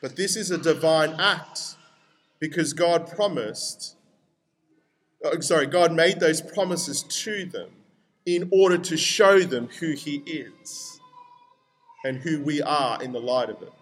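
High-voiced lively preaching man. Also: slow, husky. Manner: lively, conversational preaching with animated quoted voices. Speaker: pastor. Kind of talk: sermon.

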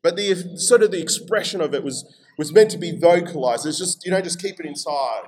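A man with an Australian accent preaching a sermon in a chatty, energetic way, reading scripture aloud. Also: fairly high pitch, brisk, a little hiss or hum, rough recording. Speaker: pastor.

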